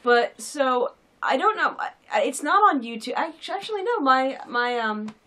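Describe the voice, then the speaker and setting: A woman co-hosting a casual film review chat, throwing in joking quips. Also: sits high. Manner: lively, quick joking quips. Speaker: co-host.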